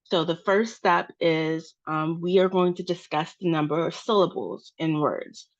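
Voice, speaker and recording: A woman with an American accent teaches English pronunciation at a slow, unhurried pace, her voice sitting a little low. She draws each example word out carefully. The audio is a bit dull and lo-fi. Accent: General American. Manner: patient, over-articulates example words.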